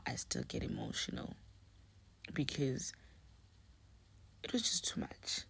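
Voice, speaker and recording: A young woman telling a personal story in a hushed, often half-whispered voice, slipping Nguni words into her English. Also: rumbling low, creaky, slightly rough. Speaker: storyteller vlogger.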